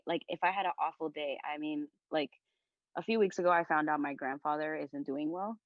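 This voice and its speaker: In a dull, lo-fi recording free of room sound, a young woman guesting on a podcast speaks from the heart in casual conversation, filling her talk with "like." She's a content creator whose low voice moves briskly with fairly even intonation.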